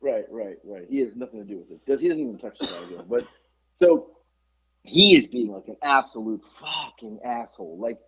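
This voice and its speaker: A middle-aged man hosting a podcast, telling a story in casual chat, animated and profane with lots of fillers. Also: mid-range voice, normal speed, husky. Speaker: podcast host. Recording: dull lo-fi podcast recording.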